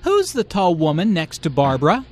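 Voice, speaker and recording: A man reading a friendly adult in a scripted dialogue for English learners, with clear, polite delivery. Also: a little high, wildly swooping pitch, moderate pace, darkish tone, soft background music. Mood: casual.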